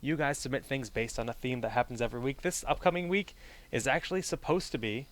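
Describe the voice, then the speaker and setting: A man's voice: mid-range voice, fast talker, a bit bright. A man casting an esports match, chatting casually between games, plugging his shows and joking with his co-caster. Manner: chatty, plugs shows, jokes around. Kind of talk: casual pre-game commentary banter.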